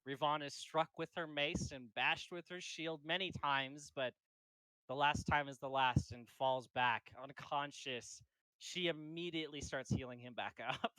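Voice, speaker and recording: A man's voice: fairly high pitch, fairly even intonation, a little slow, pushed and bright, clean tone, no room sound, low-quality recording. Casual man narrating a tabletop game. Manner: casual, rambling, lots of fillers. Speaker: game master.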